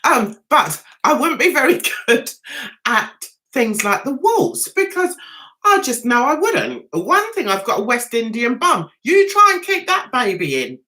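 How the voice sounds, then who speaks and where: Woman chatting on a livestream from home, getting over a throat cold, slow and bright, jokey, says hi to viewers. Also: sits high, very animated. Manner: chatty, self-mocking, greets viewers by name. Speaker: livestream host. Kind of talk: casual live chat.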